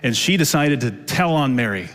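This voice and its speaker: A man's voice: mid-range voice, lively intonation, normal speed, a bit bright. A middle-aged male pastor preaching a sermon in a conversational, storytelling way with many fillers. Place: church sanctuary. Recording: long church hall reverb.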